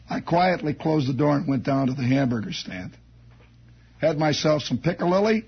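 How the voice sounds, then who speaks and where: Husky-voiced man spinning a rambling yarn. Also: fairly high pitch, lively intonation, normal speed. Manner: wry, meandering, chuckling asides. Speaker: radio storyteller. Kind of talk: rambling comic monologue. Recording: dull lo-fi radio broadcast.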